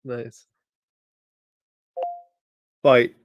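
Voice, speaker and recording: A man's voice: very slow, no echo, highs cut off. A man hosting a podcast, playing a voice game with terse, clipped commands and dry asides. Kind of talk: casual spoken game commands.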